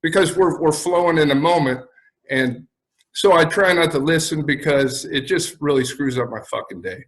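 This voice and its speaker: Blunt Chicago man, a bit high. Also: normal speed, poor audio. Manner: blunt, profane. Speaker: podcast guest. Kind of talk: casual podcast chat.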